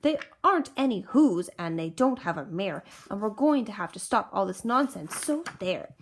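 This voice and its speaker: A woman's voice: mid-range voice, expressive, moderate pace, a little hiss or hum, lightly acted. Woman doing jeering rowdy monkeys. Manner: jeering, shouting.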